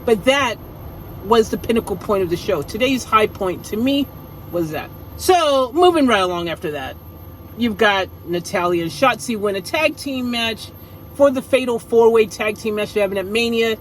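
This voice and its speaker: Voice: medium pitch, expressive, normal speed, slight background noise, low-quality recording. Slangy, rambling wrestling recapper. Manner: slangy, rambling, jokey asides. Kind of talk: casual recap chat.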